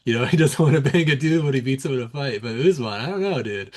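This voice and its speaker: A man's voice: mid-range voice, animated, brisk, a little mellow. A man co-hosting a sports podcast in casual chat, laid-back, chuckling between points. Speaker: podcast co-host.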